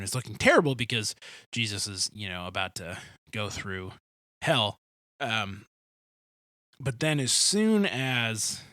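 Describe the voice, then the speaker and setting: A man hosting a podcast, telling a story in an animated, joking way in casual discussion. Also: lowish voice, no echo, clean studio sound. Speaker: podcast host.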